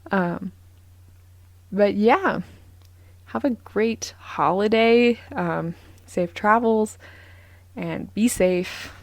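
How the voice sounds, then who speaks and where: A woman's voice: medium pitch, very slow, long pauses, dry recording. A young woman hosting a casual solo podcast, rambling with lots of ums and restarts. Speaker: podcast host.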